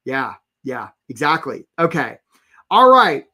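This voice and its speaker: A man's voice: on the high side, sing-song, slow, sharp tone. A man coaching job seekers in a live webinar, chatty and playful, often checking in with his audience. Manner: chatty, keeps checking in with "right?"; playful, theatrical asides. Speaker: career coach.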